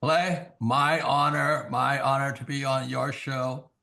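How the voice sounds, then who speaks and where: An older man, a guest author, telling blunt anecdotes in an interview and acting out quoted dialogue in quick bursts. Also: mid-range voice, level tone, gravelly, sharp tone. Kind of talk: storytelling in an interview.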